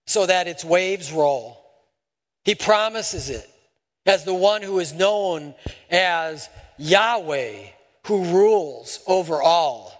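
A man preaching a sermon and leading a prayer, stressing points by repeating words and swinging from loud to soft. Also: fairly high pitch, takes it slowly, long reverb tail. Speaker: pastor.

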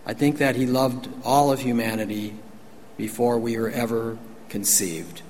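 A man's voice: medium pitch, steady tone, measured pace, darkish tone. Man preaching in a reverberant hall. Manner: folksy, emphatic, asks the congregation questions. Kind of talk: conversational sermon. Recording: long hall reverb, faint ambient noise.

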